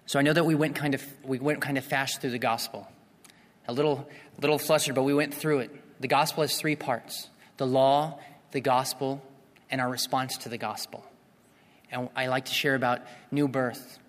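Earnest preacher in a reverberant hall. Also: male voice, mid-range voice, fairly even intonation, normal speed. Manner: earnest, builds to impassioned appeals; repeats and restarts phrases. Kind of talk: evangelistic sermon.

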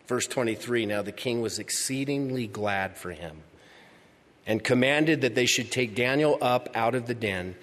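A man preaching a sermon, reading scripture and swinging from loud, emphatic lines to hushed ones. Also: mid-range voice, normal speed, long reverb tail. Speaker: pastor.

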